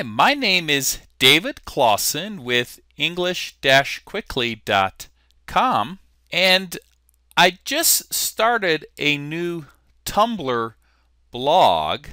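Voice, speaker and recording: An American man leads a vocabulary lesson at an unhurried pace. His voice sounds very bright, and his pitch moves a lot. The sound is dry and close. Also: dry recording. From United States. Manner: slow, clear teacherly delivery, repeating words for learners. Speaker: English teacher.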